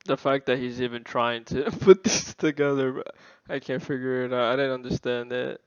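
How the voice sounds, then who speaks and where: A man's voice: medium pitch, steady tone, moderate pace, smooth, no room sound. A man tossing out casual, bemused reactions. His mic sounds dull and lo-fi. The recording is dry. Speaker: video reactor.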